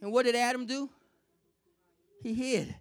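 A man's voice: very high-pitched, fairly even intonation, unhurried. A man preaching a sermon, telling his own story and asking the congregation "Amen?" as he repeats key lines. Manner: repetitive, asks the congregation "Amen?"; personal testimony, intense.

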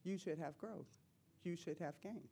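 A woman's voice: lowish voice, a little slow, gravelly, dark tone, a little hiss or hum. A woman speaking at church, giving an emphatic personal testimony sermon in a casual, slangy way and laughing often between her lines. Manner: casual, slangy preaching talk.

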